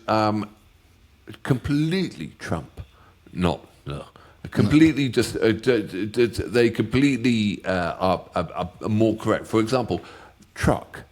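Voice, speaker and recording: A man's voice: lowish voice, expressive, measured pace, darkish tone. A middle-aged man chatting casually as co-host, rambling and stumbling over his words with a joking manner. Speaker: co-host of a music reaction channel. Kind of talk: casual chat.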